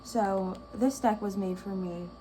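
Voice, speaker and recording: Slow-talking, gushing young woman. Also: mid-range voice, background noise. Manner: gushing, enthusiastic. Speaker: tarot vlogger. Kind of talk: casual chat.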